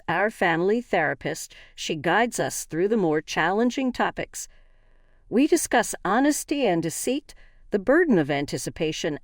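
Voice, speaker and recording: A woman's voice: on the low side, dry recording, studio quality. A woman narrating a dramatic first-person family story in an emotional storytelling manner.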